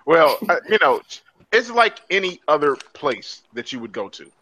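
A man's voice: fairly high pitch, sing-song, moderate pace, bright, forceful tone, dry recording, poor audio. A man hosting a casual podcast chat, laid-back and laughing between remarks. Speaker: podcast host.

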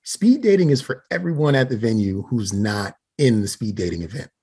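Very husky, animated opinionated man. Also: fairly low pitch, a little fast. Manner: opinionated, makes blunt arguments and rants. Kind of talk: casual comedic chat.

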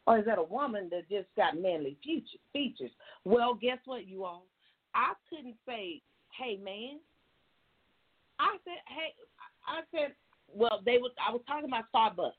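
A woman life coach with a fairly high, husky, animated voice tells her viewers a story at normal speed in a chatty, folksy manner, then slides into emphatic, preachy faith-based advice. The recording sounds tinny, like a phone.

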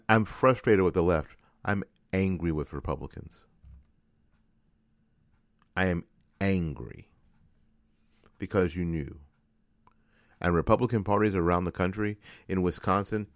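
A man with a deep, low voice rants through a political commentary monologue. He sounds angry and frustrated, and he circles back over the same points again and again. The recording is dry and close, with no room sound. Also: a little slow, pauses often, dry recording. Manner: angry, ranting, repetitive. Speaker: radio host.

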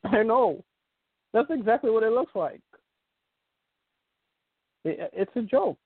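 High-voiced man on a phone line. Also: animated, takes it slowly, breathy edge, no echo. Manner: rambling, frequent fillers and restarts. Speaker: podcast host. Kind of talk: casual sports talk. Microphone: phone call. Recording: tinny phone line, dry.

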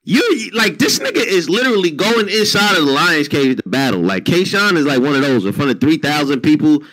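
Excitable male co-host, higher pitch, very expressive. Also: a little fast, low-quality recording. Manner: excitable, slangy. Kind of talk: casual chat.

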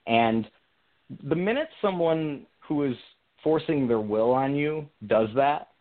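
A young man telling a personal story on a call to a radio show, thinking out loud with many restarts. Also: on the high side, expressive, slow pace. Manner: reflective, earnest, many restarts and fillers. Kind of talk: casual conversational storytelling. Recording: tinny phone-line sound.

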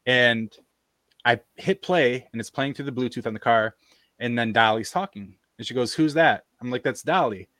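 In casual chat, this man hosting a podcast tells an animated story and plays out the voices of the people he quotes. His pitch is medium, his pace moderate, and there's no echo.

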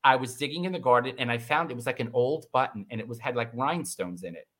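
Middle-aged guy telling a spooky story, bright tone, jumps way up for quotes. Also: quick pace. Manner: animated, acts out quoted voices with big pitch jumps. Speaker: guest. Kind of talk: casual storytelling.

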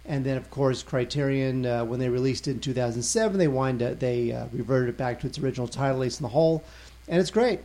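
A man's voice: mid-range voice, fast, mellow. A man co-hosting a film podcast, chatting casually and teasing his co-host. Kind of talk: casual chat about films.

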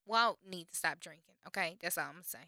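Bright animated woman podcast host. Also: fairly low pitch, fast, no room sound, clean studio sound. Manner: animated storytelling, acts out quotes, swears freely. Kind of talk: casual chat recapping reality TV.

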